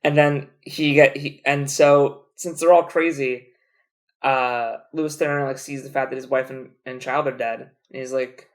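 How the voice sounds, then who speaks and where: A young man talks casually on a podcast, piling up restarts and fillers as he retells a plot. He jokes and swears freely, and his tone stays animated and playful. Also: mid-range voice, normal speed. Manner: rambling, animated, joking, swears. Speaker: podcast co-host. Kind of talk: casual chat.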